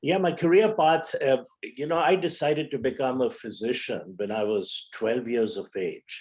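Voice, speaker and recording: An Indian man in his seventies, a physician, appears as a guest in a conversational interview and tells stories. He is a vivid storyteller who acts out the quoted dialogue. His voice is mid-range and darkish, and he speaks at a normal speed.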